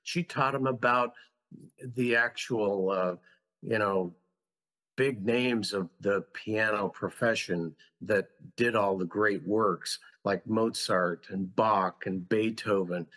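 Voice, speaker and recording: A man's voice: on the low side, slow, fairly bright tone. Earnest, passionate man telling his story. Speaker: podcast guest, school founder. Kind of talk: conversational storytelling.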